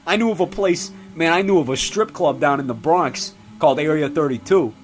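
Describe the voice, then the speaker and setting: A man's voice: a little fast, soft background music, natural voice. A man playing a foul-mouthed, brash middle-aged father in a comedy sketch, rambling and ranting with lots of swearing. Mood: boasting. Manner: profane rambling rants with animated pitch swings. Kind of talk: comedy sketch character monologue.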